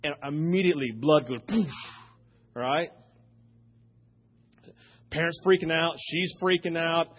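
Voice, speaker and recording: Pastor guy preaching, fairly high voice, jumps loud to quiet, kinda muffled lo-fi church audio. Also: unhurried, long pauses, a little hiss or hum. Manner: animated storytelling, swings from loud to hushed. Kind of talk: sermon.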